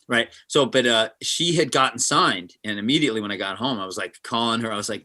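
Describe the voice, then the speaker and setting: A man's voice: medium pitch, fast talker, hardly any pauses. A man, a session guitarist, telling stories in an interview and acting out the quotes. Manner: animated, acts out quotes. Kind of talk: interview storytelling.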